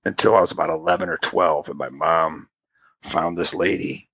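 This man in his fifties speaks at normal speed in a husky voice with no room sound, telling a long personal story casually. Animated throughout, he impersonates the people involved, going high-pitched for quoted voices.

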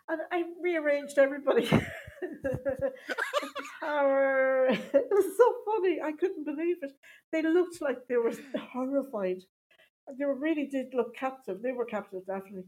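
A woman's voice: sits high, moderate pace, darkish tone, rough recording. A woman, a stand-up comedian, telling stories in a casual interview and laughing often. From Ireland. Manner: chatty storytelling, laughing often.

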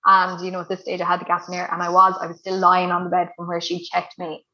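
Chatty woman, low voice. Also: completely flat delivery, quick pace, few pauses, bright, forceful tone. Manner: chatty, full of "like" and "you know" fillers. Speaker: guest sharing a birth story. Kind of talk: casual storytelling. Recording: dull lo-fi recording.

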